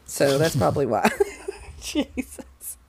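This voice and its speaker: A woman's voice: mid-range voice, lively intonation, normal speed. A woman co-hosting a podcast in casual, giggly, rambling chat. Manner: giggly, loose and chatty. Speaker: podcast co-host.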